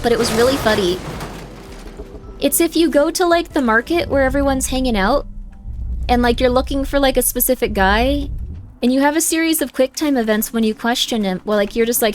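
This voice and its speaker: A woman streamer chatting casually while playing a game, rambling with lots of filler words. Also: on the high side. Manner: rambling, heavy use of 'like'. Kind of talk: casual gaming livestream chat. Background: faint game music.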